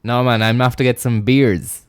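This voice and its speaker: A man's voice: mid-range voice, fairly even intonation, normal speed, clean tone, dry recording, studio quality, close to an everyday voice. A man with an Irish accent voicing a laid-back fellow on his way for beers, offhand and casual. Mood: unbothered.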